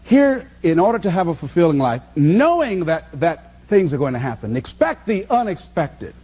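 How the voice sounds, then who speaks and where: A man delivers a motivational speech, preaching with emphasis and driving points home through repetition. His voice is high for a man. It leaps up and down in pitch and has a husky edge. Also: big pitch swings, moderate pace, few pauses, mellow. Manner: preaching, emphatic, repeats phrases for effect. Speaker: motivational speaker. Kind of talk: motivational speech to a live audience.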